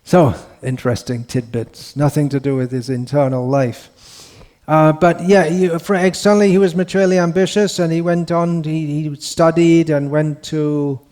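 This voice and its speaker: A man giving a scriptural lecture in an unhurried, rambling way, with frequent restarts and fillers. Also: a little high, flat delivery, darkish tone. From India. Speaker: monk lecturer.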